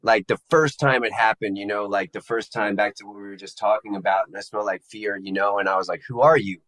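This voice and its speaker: A man with a fairly low voice recounts a personal experience to an interviewer. His delivery is conversational and halting, and he pauses and restarts as he searches for the right words. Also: steady tone, a bit bright, rough recording. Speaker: interview guest. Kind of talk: personal testimony in casual conversation.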